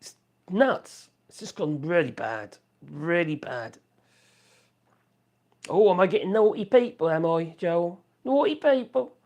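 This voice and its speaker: A man's voice: high-pitched, expressive, a little slow, long pauses, a little mellow. Chatty man on a home live stream. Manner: rambling, chatty, reacting to viewer comments. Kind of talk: casual live-stream chat. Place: home office room with wood burner.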